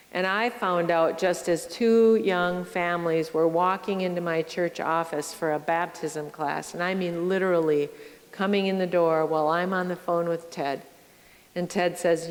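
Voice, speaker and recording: A middle-aged woman pastor giving a sermon, telling stories slowly and reflectively and speaking straight to her congregation. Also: on the low side. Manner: slow, reflective storytelling with direct address to the congregation. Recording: long church reverb.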